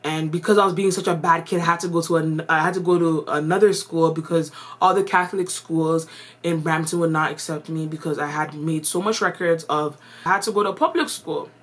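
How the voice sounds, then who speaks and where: A woman's voice: sits low, fairly even intonation, fairly quick. Slangy casual woman telling a story. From Canada. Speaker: vlogger. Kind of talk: storytime vlog.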